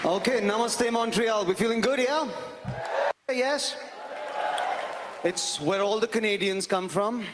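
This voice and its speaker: High-voiced Indian man doing stand-up. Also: unhurried, long pauses, loud music behind the voice, a loud crowd. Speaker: stand-up comedian. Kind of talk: stand-up comedy set. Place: large live comedy venue. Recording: reverberant hall with live audience and noise.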